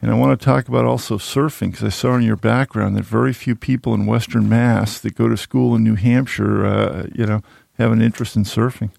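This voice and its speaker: A man's voice: fairly low pitch, fairly even intonation, a little fast, vocal fry, darkish tone, dry recording, clean studio sound. A middle-aged man from the Boston area hosting an interview, chatty and rambling with self-deprecating asides. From Boston area, Massachusetts. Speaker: podcast host. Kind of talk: casual interview chat.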